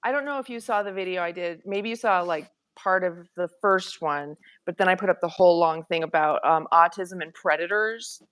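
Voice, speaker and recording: A woman's voice: on the low side, normal speed, few pauses, fairly bright tone, smooth. A woman guest in a casual live-stream chat who talks emphatically, often exclaiming her agreement.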